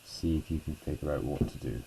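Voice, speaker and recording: Low, gravelly man teaching chemistry. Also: brisk, mellow, slight background noise, poor audio. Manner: chatty, self-deprecating, lots of "okay" and "so". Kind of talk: whiteboard lesson narration.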